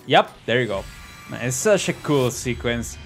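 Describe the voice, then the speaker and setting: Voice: medium pitch, animated, normal speed, soft background music. A let's play host commenting on a story game, joking and laughing as they go, also reading the game's narration aloud. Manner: joking, laughs mid-sentence.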